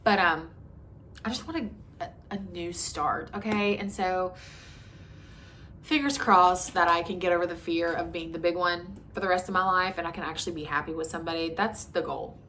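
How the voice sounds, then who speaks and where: Bright-voiced young woman telling a story. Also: lowish voice, normal speed, slight background noise. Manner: frank and conversational, with many likes and ums. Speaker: vlogger. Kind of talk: candid storytime monologue.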